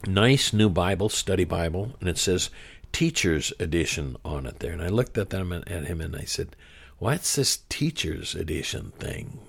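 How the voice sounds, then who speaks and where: Man, interview guest, deep voice, husky, casual storytelling. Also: moderate pace. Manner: anecdotal, chuckles while telling stories.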